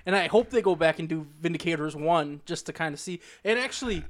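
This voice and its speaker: Easygoing man, fairly high voice. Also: animated. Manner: easygoing, agreeable, short replies and quick laughs. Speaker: podcast co-host. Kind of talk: casual chat.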